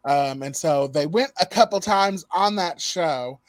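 A man hosts a loose, profane podcast chat and reacts to old talk show clips. His voice sits a little high. The sound is dry and close, with no room around it. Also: measured pace, dry recording. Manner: loose, profane, laughing commentary. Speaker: podcast host. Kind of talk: casual chat.

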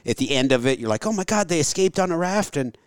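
Dude hosting a podcast, cussing and cracking up, dead dry mic. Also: male voice, fairly high pitch, animated, fast talker, clear, resonant tone, no room sound. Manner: profane, laughing storyteller. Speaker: podcast host. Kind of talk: casual chat.

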